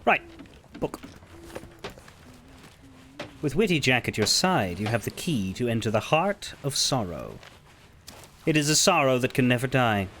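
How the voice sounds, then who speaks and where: A male streamer chats casually over his game, joking and swearing in exasperation. His voice rises and falls lively. A faint noise hums under it. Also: mid-range voice, a little slow, long pauses. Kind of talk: casual gameplay commentary.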